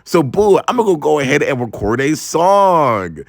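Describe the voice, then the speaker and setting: Animated, profane young man telling stories. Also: a little high, normal speed, vocal fry, no echo, studio quality. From Maryland. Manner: animated, profane, slangy, exclaims "bro" a lot. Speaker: storytime vlogger. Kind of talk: casual storytelling.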